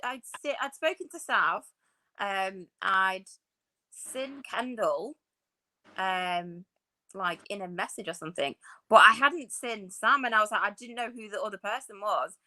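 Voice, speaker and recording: A chatty woman, rambling happily and poking fun at herself. Her voice is bright and forward, sitting in an ordinary middle pitch. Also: a little slow. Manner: chatty, rambling, self-deprecating. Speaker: podcast co-host. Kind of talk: casual chat.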